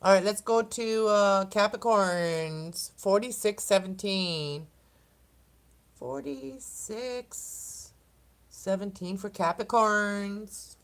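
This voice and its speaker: A woman's voice: medium pitch, slow pace, smooth. A woman doing a casual oracle card reading for the zodiac signs, chatty and rambling, often laughing and tripping over words. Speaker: tarot and oracle card reader.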